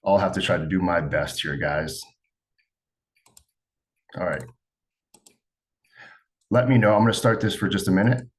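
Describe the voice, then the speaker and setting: A man's voice: sits low, animated, unhurried, long pauses. A man hosting an online class, casually thinking aloud as he sets up the meeting. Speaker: meeting host.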